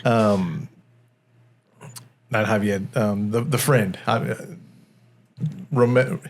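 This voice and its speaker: A man's voice: lowish voice, drawn-out words. Rambling male podcast co-host. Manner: rambling, stumbling restarts, laughs often. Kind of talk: casual movie review chat.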